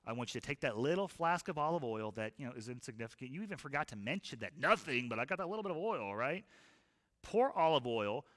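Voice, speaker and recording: A man voicing a calm old prophet who gives matter-of-fact instructions. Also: mid-range voice, fast, long reverb tail. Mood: instructing.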